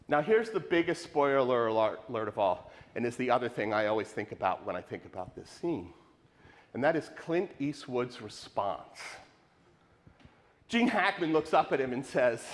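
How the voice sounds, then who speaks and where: A man preaching a sermon to his congregation, animated and questioning, with lots of rhetorical repetition. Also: mid-range voice, normal speed. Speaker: pastor. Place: church sanctuary. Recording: live in a reverberant sanctuary.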